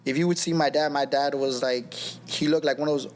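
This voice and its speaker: A man's voice: on the high side, steady tone, fairly quick, a little hiss or hum. A man in his thirties, a podcast guest, telling his personal testimony in a rambling casual way, full of restarts and "you know what I mean".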